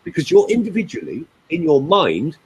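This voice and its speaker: Animated, husky male voice coach. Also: on the high side, poor audio. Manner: emphatic, animated, demonstrating pauses. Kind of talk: coaching talk on a group call.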